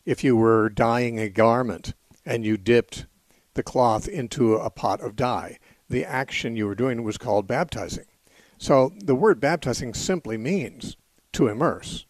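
A man teaching the Bible as host of a call-in radio show. He explains in a measured, patient way and stops to correct his own wording. The sound is dry and close, with no room around it. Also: medium pitch, no room sound.

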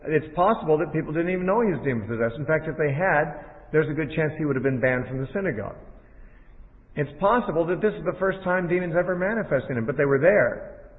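A man teaching from the Bible in a measured, explanatory sermon style. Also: on the high side, expressive. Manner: measured, explanatory, with quoted lines read aloud. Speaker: preacher. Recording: tinny phone-like audio in a large hall.

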